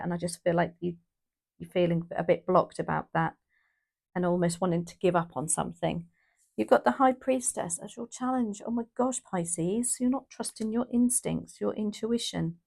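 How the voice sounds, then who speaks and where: A woman's voice: mid-range voice, vocal fry, a little mellow. A woman from the UK doing a casual, emotional tarot reading, rambling with restarts and exclamations. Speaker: tarot reader.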